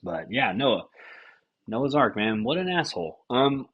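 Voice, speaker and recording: Man, young adult, husky, profane rambling monologue, dull lo-fi sound. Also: mid-range voice, a little slow. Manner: rambling, profane, animated with acted-out quotes. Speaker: podcast host. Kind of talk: casual comedic monologue.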